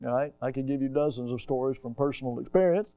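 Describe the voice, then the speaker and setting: Preaching man with a mellow voice. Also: medium pitch, quick pace, dry recording. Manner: preacherly, swells loud on key phrases then drops soft. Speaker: pastor. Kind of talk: sermon.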